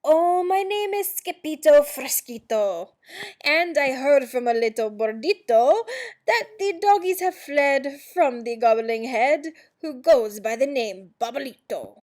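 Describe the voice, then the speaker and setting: A woman voicing a boastful, excitable young boy cat hero with Spanish flair. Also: on the high side, a little slow, few pauses. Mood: excited. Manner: loud, excited, sing-song.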